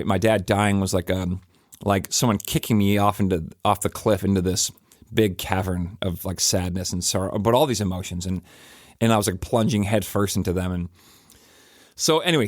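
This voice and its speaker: A man's voice: on the low side, no room sound, studio quality. A middle-aged man, a pastor, reflecting on grief in a rambling, conversational way with many fillers and restarts. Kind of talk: reflective personal talk.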